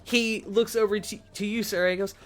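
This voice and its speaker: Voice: medium pitch, steady tone, fairly quick, soft background music. Laid-back game master narrating. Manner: casual, laughing, filler-heavy narration.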